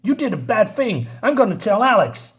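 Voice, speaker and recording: A man's voice: high voice, big pitch swings, moderate pace, pitched above the performer's own voice. A man reading out the lines of a simple-minded, childlike strongman in a plain, earnest way, close to his own voice.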